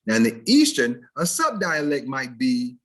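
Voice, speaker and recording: Husky man lecturing. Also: medium pitch, normal speed. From Mississippi. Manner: lively, demonstrative, imitates dialects. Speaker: diction instructor. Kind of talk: recorded video-call lecture. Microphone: video call.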